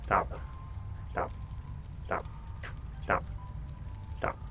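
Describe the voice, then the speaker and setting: A man's voice: extremely slow, bright, forceful tone, soft background music. A man live-streaming at home in a laid-back, casual way, chatting to his viewers and telling his dogs to stop barking.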